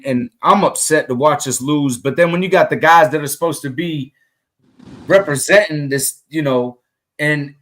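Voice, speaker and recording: This podcast co-host's voice is a bit bright and sits slightly high for a man. He vents angrily about his team on a relaxed sports show, tripping over restarts and saying things again to drive his points in.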